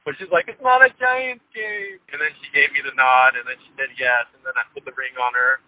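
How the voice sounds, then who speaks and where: A man's voice: medium pitch, flat delivery, fast talker, dry recording. A man telling a story in casual chat, laughing often and acting out the people he quotes. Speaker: interview guest. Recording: tinny phone line.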